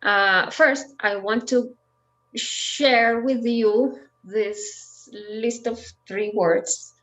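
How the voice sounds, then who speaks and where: Slow, patient woman teaching Spanish. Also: a little high, steady tone, a bit bright, poor audio. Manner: patient, explains slowly with many fillers. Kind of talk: online language lesson.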